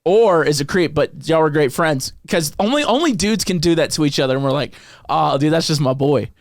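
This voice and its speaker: A man's voice: fairly high pitch, animated, fairly quick, dry recording, studio quality. A young man hosting a podcast, chatting casually with crude jokes and frequent laughter. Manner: crude, joking, laughs often. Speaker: podcast host. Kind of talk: casual chat.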